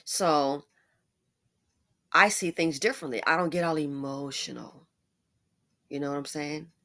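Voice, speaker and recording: A woman giving a casual commentary monologue in a conversational way, with animated asides. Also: deep voice, unhurried. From United States. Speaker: commentary YouTuber.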